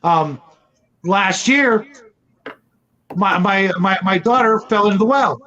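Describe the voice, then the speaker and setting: A man telling a long joke in casual chat, halting and often repeating words. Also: high voice, bright, forceful tone. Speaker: host. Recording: muffled lo-fi audio.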